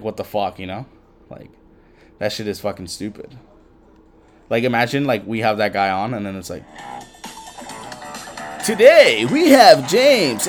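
A man hosting a podcast in casual chat, rambling with heavy swearing and lots of fillers. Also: fairly low pitch. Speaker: podcast host.

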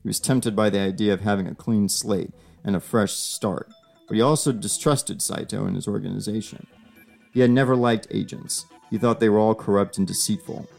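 A man narrates an audio story in a plain, steady reading voice. His voice is low and gravelly. Faint guitar music plays underneath. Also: normal speed.

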